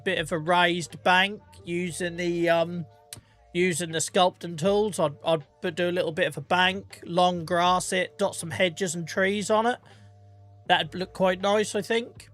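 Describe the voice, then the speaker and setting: Bright-voiced jokey streamer man. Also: sits high. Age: 40s. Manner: chatty, jokey, greets chat by name, laughs often. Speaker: live streamer. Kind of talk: casual gaming stream chat. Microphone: boom-arm microphone.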